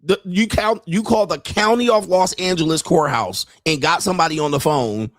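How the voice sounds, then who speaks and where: A man's voice: a little high, normal speed, no room sound, clean studio sound. A man hosting a commentary show, reacting bluntly and mockingly with profanity and laughter. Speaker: podcast host.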